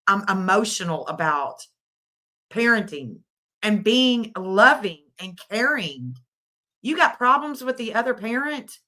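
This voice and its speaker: Middle-aged woman host, indignant and scolding, slow deliberate delivery, bright edge. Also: a little high. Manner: indignant, scolding, repeats phrases for emphasis. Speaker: livestream commentator. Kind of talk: emotional commentary livestream.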